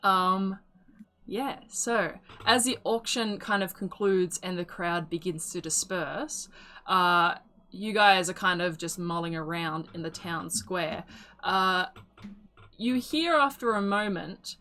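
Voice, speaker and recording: A woman's voice: on the low side, slow pace, pushed and bright. Woman game master narrating casually. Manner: casual, filler-heavy narration.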